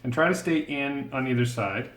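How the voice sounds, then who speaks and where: A man's voice: medium pitch, expressive, moderate pace, a bit bright. A man teaching a step-by-step drawing lesson, patient and encouraging, talking through each stroke as he draws. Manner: patient, encouraging, thinks aloud while drawing. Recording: roomy echo.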